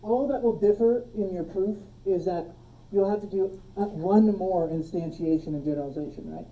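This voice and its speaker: A woman teaching a logic class, relaxed, quizzing her students and joking with them, recorded on a phone in a classroom. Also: medium pitch, normal speed, recorded from a distance, lo-fi sound. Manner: relaxed, asks the class questions and jokes. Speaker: logic instructor. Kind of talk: classroom lecture. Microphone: phone streaming the class.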